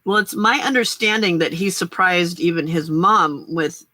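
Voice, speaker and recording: In a small home craft room, an older woman hosts a casual late-night crafting livestream, chatting to viewers, reacting to the chat and getting emotional over their kindness. Her lowish voice has a sharp tone at normal speed, with slight background noise.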